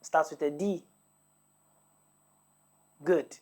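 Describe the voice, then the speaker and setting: A woman's voice: low voice, measured pace, long pauses, darkish tone. A woman hosting a French lesson, patiently quizzing listeners and repeating words for them to copy. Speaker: French teacher. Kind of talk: language lesson.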